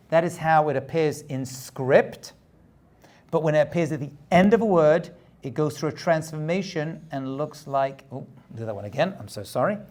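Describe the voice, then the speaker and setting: A man, a rabbi, giving a step-by-step lesson in a patient way, repeating points, checking in with the learner and correcting his own slips as he goes. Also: a little high. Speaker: rabbi teaching Hebrew script.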